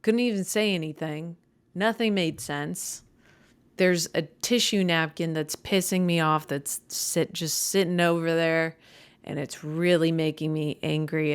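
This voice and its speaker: This young woman comedian runs her own podcast in a loose, rambling style, stumbling, self-deprecating, and easily irritated. Her voice is deep and smooth, though it cracks.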